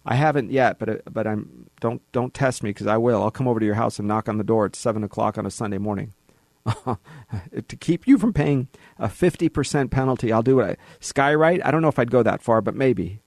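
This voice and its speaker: Gravelly-voiced man, emphatic radio host. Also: medium pitch, a little fast, darkish tone, no echo. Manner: emphatic, folksy, direct address to listeners. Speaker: financial radio show host. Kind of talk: conversational radio monologue.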